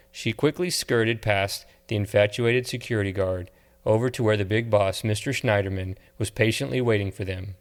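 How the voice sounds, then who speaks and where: Male audiobook narrator, lower voice, measured delivery. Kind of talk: scripted narration.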